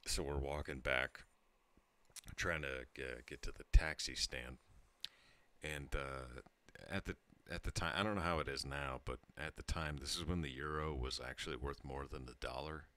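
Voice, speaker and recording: A man's voice: very deep voice, fairly even intonation, normal speed, pushed and bright. A tipsy man in his thirties telling a rambling story to his channel, laughing and breaking off mid-sentence. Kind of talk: casual storytelling monologue.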